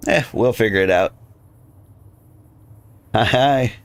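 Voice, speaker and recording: Speaking slowly in a mid-range voice, a game streamer chats and wanders from topic to topic as he plays. He sounds weary and frayed, leaning heavily on "like" and other fillers. There is no room sound.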